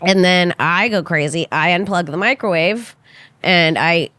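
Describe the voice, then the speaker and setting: Young woman guest on a podcast, animated storyteller, dry close sound. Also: measured pace, no room sound. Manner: animated, acts out quotes with big pitch jumps. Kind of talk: casual storytelling.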